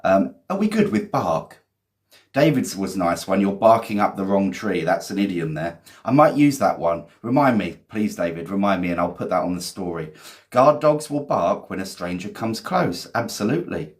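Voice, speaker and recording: A man's voice: deep voice, lively intonation. A man teaching vocabulary in a live lesson, reading out viewers' sentences, praising them and cracking cheesy jokes. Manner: chatty and encouraging, quick praise, cheesy jokes. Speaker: English teacher.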